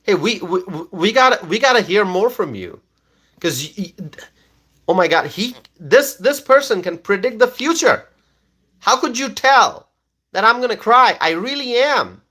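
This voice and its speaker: A man with a high, bright voice hosts a political livestream and reads viewer comments aloud. He talks at an unhurried pace. He stresses each claim, repeats himself, and keeps checking in with "okay?". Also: lively intonation.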